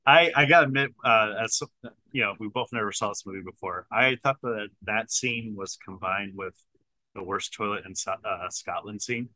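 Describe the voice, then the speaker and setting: Bright-voiced man in casual film chat. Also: fairly low pitch, moderate pace, no room sound, rough recording. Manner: laid-back and profane, laughs between points. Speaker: podcast co-host. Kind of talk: casual movie discussion.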